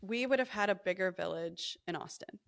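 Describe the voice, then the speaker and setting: A woman's voice: medium pitch, fairly quick, gravelly, no echo, clean studio sound. A young woman and podcast co-host, telling a personal story in casual chat, blunt and emphatic.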